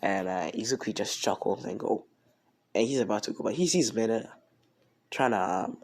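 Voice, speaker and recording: A man's voice: on the low side, lively intonation, normal speed. A man casually retelling an improvised fan story, rambling with lots of fillers and slang.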